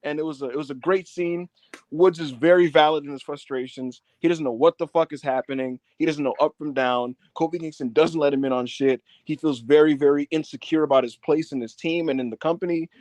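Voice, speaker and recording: On a casual wrestling review podcast, a male co-host retells scenes with animated storytelling, acting out quotes and swearing a lot. His voice is on the high side and brisk, recorded with no room sound.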